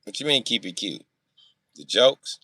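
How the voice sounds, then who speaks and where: A young man on a casual live stream, reading chat and telling profane, boastful stories, swinging between loud outbursts and low mutters. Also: very animated, a little slow, husky, no room sound, clean studio sound.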